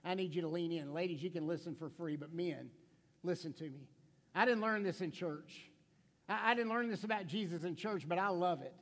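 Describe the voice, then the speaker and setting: In a space with a long, trailing reverb, a man with a high voice preaches briskly as pastor. He talks to the congregation conversationally and with fervor, dipping into hushed moments and questioning them directly.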